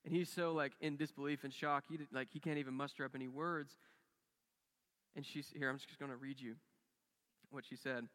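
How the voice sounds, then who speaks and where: A man's voice: mid-range voice, little pitch movement, moderate pace, pauses often, fairly bright tone, big-room sound. A man preaching a sermon as a pastor, telling a story earnestly and acting out the quoted dialogue with rising and falling intensity. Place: church sanctuary.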